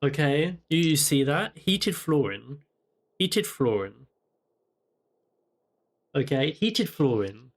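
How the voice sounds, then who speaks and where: A man's voice: fairly high pitch, lively intonation, takes it slowly, long pauses. A man streaming a video game, chatting playfully and teasing in-game characters, often repeating himself. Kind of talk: casual gameplay stream chat.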